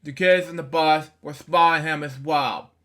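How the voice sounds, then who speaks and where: A man's voice: fairly high pitch, steady tone, normal speed, sharp tone. A man reading a children's book aloud, stumbling over words and adding offhand comments between pages. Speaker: storybook reader.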